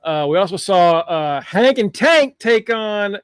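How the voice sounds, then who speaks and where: A man hosting a wrestling podcast, recapping matches in a laid-back, casual way with relaxed swearing. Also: high voice, measured pace, clear, resonant tone, dry recording, clean studio sound. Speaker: podcast host.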